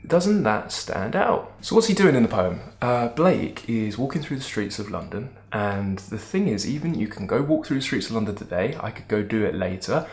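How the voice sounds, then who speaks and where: A man teaching a poem in a lively, emphatic way, thinking aloud with frequent restarts. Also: fairly low pitch, moderate pace, few pauses. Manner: animated, emphatic, musing with restarts. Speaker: literature teacher. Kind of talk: lecture-style video analysis.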